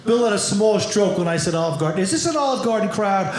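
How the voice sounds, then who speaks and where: A man's voice: high voice, moderate pace. A man with a New York accent doing stand-up comedy, brashly teasing and quizzing members of the audience. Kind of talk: stand-up comedy with crowd work. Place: comedy club stage before a live audience. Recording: echoey room with loud audience noise.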